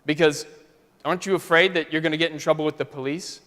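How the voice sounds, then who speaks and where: A man's voice: fairly high pitch, fairly even intonation, quick pace, fairly bright tone, natural voice. A man voicing an earnest, probing young teacher. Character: earnest young male teacher pressing a student. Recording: long church reverb.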